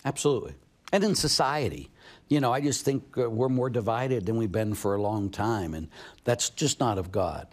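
A man's voice: lowish voice, moderate pace. A man, a priest, answering audience questions and telling stories, acting out the people he quotes.

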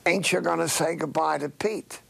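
An older man voicing a gruff, fond old male tailor with a Yiddish-inflected accent, speaking bluntly. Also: a little high, fairly even intonation, moderate pace, fairly bright tone, voice pushed up, exaggerated voice. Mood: gruff, bantering. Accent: Yiddish-inflected English. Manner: blunt, argumentative.

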